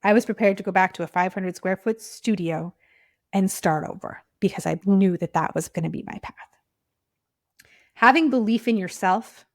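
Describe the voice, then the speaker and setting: A woman in an everyday pitch, hosting her own podcast and sharing a personal story. She talks casually, with plenty of "like," and stays heartfelt and emotional throughout. Her voice often sinks to a soft near whisper. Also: no room sound, studio quality. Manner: casual, frequent "like" fillers. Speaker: podcast host and clinic owner.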